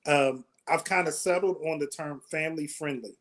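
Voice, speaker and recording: A man hosting a comedy talk show, chatting casually and telling animated stories about booking comedians. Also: a little high, normal speed. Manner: animated storytelling with laughs. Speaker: comedy show host and producer. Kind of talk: casual interview chat.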